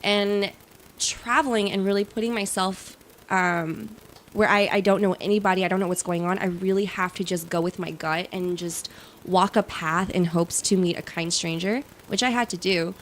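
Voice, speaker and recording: A woman's voice: mid-range voice, moderate pace, a little hiss or hum. A woman guest on a podcast, telling a personal story in casual chat with lots of "like" and "right?". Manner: animated storyteller, many "like" and "right?".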